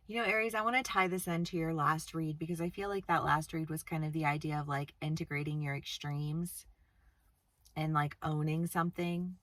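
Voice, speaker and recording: Low-voiced woman giving a blunt tarot reading. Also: steady tone, unhurried, long pauses, fairly bright tone, no echo. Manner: blunt and chatty, swears freely, laughs often. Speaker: tarot reader. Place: outdoors-ish on a windy day.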